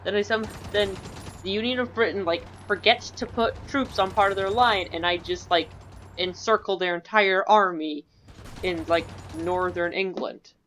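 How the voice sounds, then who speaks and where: A woman's voice: medium pitch, normal speed, a bit bright, a little hiss or hum. Rambling woman narrating a strategy game. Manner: rambling, giggly, self-mocking. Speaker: gaming video creator. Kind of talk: casual gameplay commentary. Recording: dull lo-fi mic.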